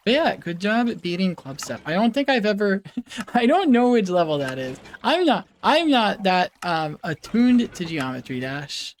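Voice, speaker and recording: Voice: mid-range voice, creaky, slight background noise. A streamer chatting casually while playing a game, giggling, rambling and making playful animal noises between thoughts. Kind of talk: casual live-stream chat while gaming.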